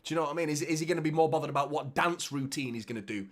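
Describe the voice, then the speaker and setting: Talking very fast in a slightly high voice, a Mancunian man hosts a live football watchalong on his fan channel. Casual and sweary, he reads viewer comments aloud and peppers his speech with "mate" and "do you know what I mean".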